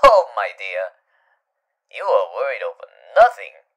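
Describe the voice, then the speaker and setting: A man voicing a teasing male vampire demon husband in a whispered role-play, flipping between soft whispers and loud playful exclaims. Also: on the low side, huge pitch swings, slow pace, full character voice. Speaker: voice actor.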